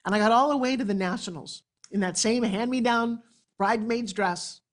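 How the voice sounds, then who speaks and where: A woman in her sixties from New York, with a New York accent, giving a motivational keynote speech on stage with dramatic, animated storytelling. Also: on the high side, moderate pace. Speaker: motivational speaker. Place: event stage before an audience.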